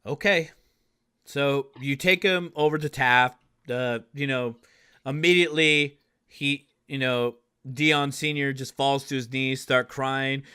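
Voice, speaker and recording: A man's voice: mid-range voice, steady tone, slow, pushed and bright, clear, resonant tone. A man narrating as game master in a casual, rambling way with many fillers.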